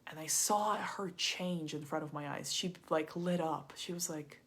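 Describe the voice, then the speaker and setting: A woman leads a live masterclass and tells a personal story in a loose, chatty way. Her voice sits on the low side for a woman and has a husky, breathy edge. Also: unhurried, fairly bright tone. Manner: chatty, frequent "like" and "kinda". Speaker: business coach.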